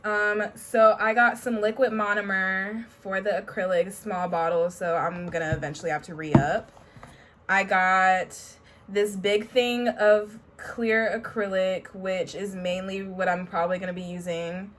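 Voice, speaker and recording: A young woman talks casually to her camera at home in a bubbly, chatty way, tossing in playful catchphrases as she goes. Her voice sits at an ordinary middle pitch. A faint hiss runs under the recording. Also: fairly even intonation, unhurried, fairly bright tone. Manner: bubbly, peppers talk with "honey" and "period". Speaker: beauty vlogger. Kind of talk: casual vlog chat.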